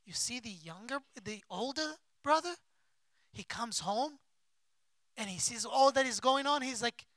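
A man preaching a sermon as a pastor, with impassioned delivery and big swings between soft and loud. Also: extremely high pitch, lively intonation, unhurried, dry recording. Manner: acts out quoted figures in his own voice. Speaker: pastor and missionary.

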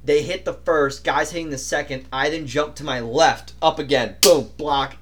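Young male podcast co-host, chatty and animated, fairly high-pitched. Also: moderate pace, background noise. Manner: animated, imitates others' voices. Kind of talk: casual storytelling chat.

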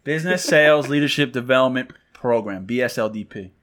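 A New York man co-hosting a podcast tells stories in a casual chat, animated and acting out quotes in a raised voice. He has a medium-pitched voice and speaks a little fast.

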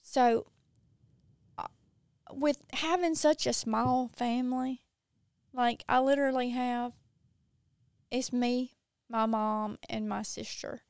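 A woman's voice: a little high, steady tone, takes it slowly, a little mellow, smooth, no echo. A middle-aged woman with a Mississippi Southern accent, chatting casually as a podcast guest and laughing often. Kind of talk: casual chat.

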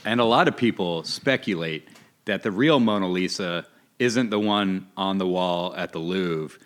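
A man's voice: low voice, a little slow. A man co-hosting a comedic podcast, dropping dry joking interjections. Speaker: podcast co-host.

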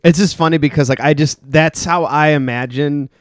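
A man hosting a relaxed chat, easygoing and quick to laugh, with lots of filler words. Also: a little high, dry recording, clean studio sound. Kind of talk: casual chat.

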